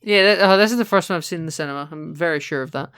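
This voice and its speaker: A man's voice: on the high side, very fast, fairly bright tone, smooth, dry recording, clean studio sound. A man co-hosting a podcast, chatting casually about films, explaining and laughing easily. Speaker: podcast co-host. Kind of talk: casual film chat.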